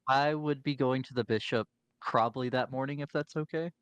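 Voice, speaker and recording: A man's voice: medium pitch, fairly even intonation, a little fast, fairly bright tone, smooth, no room sound. A man casually describing his character's actions as a player in a tabletop game.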